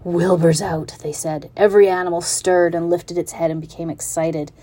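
A woman reading a children's storybook aloud in an even, unhurried narrating manner. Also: fairly low pitch.

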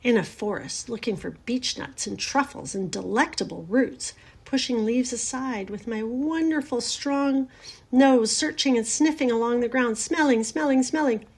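A woman's voice: a little high, normal speed, breathy edge. A woman voicing a young, timid male pig who speaks eagerly and anxiously. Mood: eager, worried. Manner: eager, worried and pleading.

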